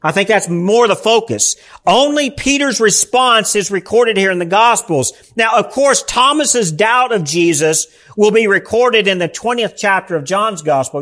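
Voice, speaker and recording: A man's voice: high voice, expressive, normal speed, pushed and bright. A male pastor preaching a sermon in church, emphatic and asking the congregation rhetorical questions.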